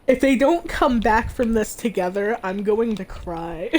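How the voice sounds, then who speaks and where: Gushing, animated woman streamer. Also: mid-range voice, measured pace, slight background noise. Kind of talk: casual let's-play commentary.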